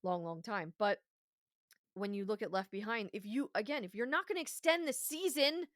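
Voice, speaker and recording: A woman's voice: medium pitch, normal speed, a bit bright, no room sound, studio quality. A woman co-hosting a podcast in casual review chat, talking passionately and emphatically and swearing freely. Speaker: podcast co-host.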